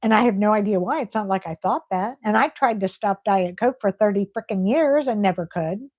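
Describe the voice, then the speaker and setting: A woman's voice: mid-range voice, a little fast, no room sound, lo-fi sound. A woman hosting a casual livestream, chatty and effusive as she reads viewer comments aloud. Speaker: livestream host.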